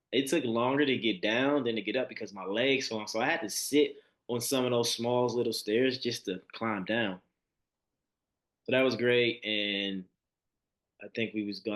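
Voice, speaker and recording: Male podcast guest, lowish voice, animated storyteller who acts out the quoted lines. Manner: animated storyteller who acts out quotes, swinging between hushed and high excited tones. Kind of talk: storytelling in a conversational interview.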